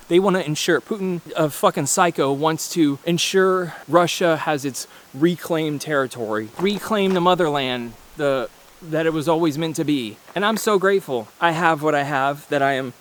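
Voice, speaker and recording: A vlogger in his mid-thirties rambles through a casual rant to his viewers, blunt and swearing freely. He keeps restarting his sentences, and his voice sits slightly high for a man.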